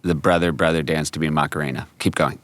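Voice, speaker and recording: A man in his thirties, co-hosting a podcast in casual chat and telling lively stories about his kids. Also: very deep voice, fast talker, no room sound. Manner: animated storyteller, mimics his kids. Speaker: podcast co-host.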